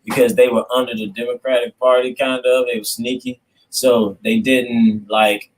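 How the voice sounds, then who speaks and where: A man's voice: mid-range voice, little pitch movement, moderate pace, low-quality recording. A man moderating a casual debate, asking leading questions and drawing out his words.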